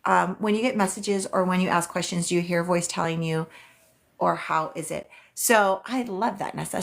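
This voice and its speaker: A woman with a fairly low voice hosts a casual live stream as a psychic reader. She chats quickly and loosely, full of "um"s and "like"s, and reads her viewers' questions aloud before answering them. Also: creaky.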